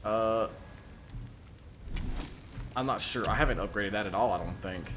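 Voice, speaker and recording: Low-ish guy chatting while he plays, hesitant and swearing, talking to himself. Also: a little slow, a bit bright, a little hiss or hum. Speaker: game streamer. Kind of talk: casual gameplay commentary.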